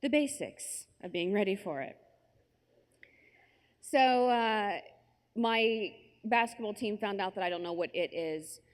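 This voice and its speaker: A woman speaks on a conference stage, telling a personal story in a chatty, conversational way full of asides. Her voice sits at a middle pitch. A long hall reverb trails her words. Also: animated, takes it slowly, pauses often. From United States.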